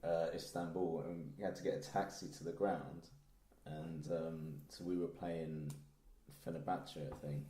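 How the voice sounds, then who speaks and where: A man telling rambling anecdotes quickly in a casual podcast chat. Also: extremely low pitch, steady tone, mellow. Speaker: podcast co-host or guest. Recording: roomy echo, faint noise.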